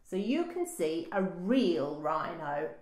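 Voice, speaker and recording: A woman voicing a busy mother in a storybook reading, brisk and matter-of-fact. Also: fairly low pitch, very animated, a little mellow, heavily acted. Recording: roomy echo.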